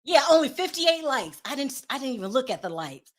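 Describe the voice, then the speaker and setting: A woman with a slightly high voice talks straight to her audience in casual gossip commentary. She is sassy and sarcastic and keeps breaking into laughter at her own jabs. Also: big pitch swings, moderate pace, fairly bright tone. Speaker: commentary vlogger.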